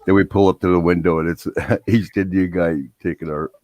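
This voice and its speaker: Deep voiced guy, dry jokes, easygoing stream chat. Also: little pitch movement, brisk, a little mellow, dry recording. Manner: dry, laid-back joker. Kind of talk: casual live-stream chat.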